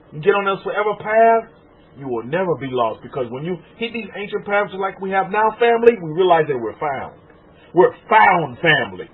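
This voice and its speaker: A man preaching a sermon as rabbi, animated and repetitive, calling his listeners family. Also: sits high, breathy edge. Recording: tinny phone-like sound.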